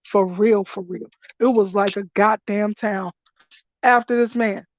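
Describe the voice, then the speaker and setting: A woman hosting a live stream, telling stories in a blunt, profane, animated way and laughing often. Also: medium pitch, unhurried, slight background noise. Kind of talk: casual profane storytelling. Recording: dull lo-fi dry sound.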